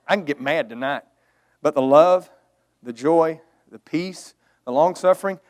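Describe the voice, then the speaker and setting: A middle-aged man preaching a storytelling sermon, earnest and emotional, swelling to emphatic outbursts. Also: fairly high pitch.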